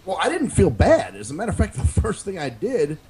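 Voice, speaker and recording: Brief: male podcast co-host, lively swinging pitch, loose and cussing, acts out the quotes. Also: brisk, background noise. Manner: animated storyteller, acts out quotes, curses freely. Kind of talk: casual profane chat.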